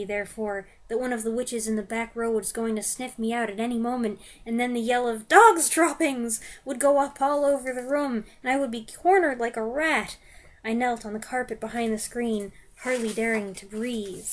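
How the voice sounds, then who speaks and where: Woman giving an expressive story reading. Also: fairly high pitch. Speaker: reader. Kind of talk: dramatic reading of a children's novel.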